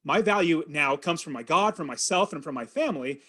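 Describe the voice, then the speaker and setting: A man in his forties, a real estate investor, telling a personal story in an earnest, animated way as a podcast guest. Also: fairly high pitch, brisk. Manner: earnest, animated storytelling with quoted inner thoughts. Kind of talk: storytelling in an interview.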